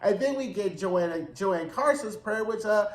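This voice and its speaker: A man's voice: high voice, expressive, normal speed. A man hosting a casual TV recap, talking in a chatty, dramatic way with frequent asides and swearing. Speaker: TV recap host. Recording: roomy echo.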